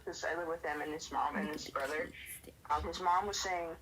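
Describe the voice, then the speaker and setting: A woman's voice: deep voice, fairly quick, noisy background. A woman streamer chatting casually and telling stories, with a lot of "like" as filler. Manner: chatty storyteller, lots of "like". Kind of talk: casual chat.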